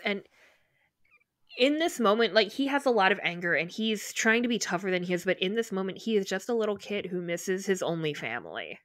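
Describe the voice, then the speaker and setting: A podcast co-host with a mid-range, lively voice retells scenes from a book at normal speed, performing the characters' lines herself. The recording is clean studio sound with no room noise.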